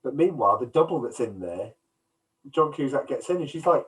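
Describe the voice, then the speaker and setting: A man's voice: mid-range voice, expressive, a little fast. A man co-hosting a film podcast, casually retelling scenes and acting out quotes, on a video call. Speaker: podcast co-host. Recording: distant from the mic, headset.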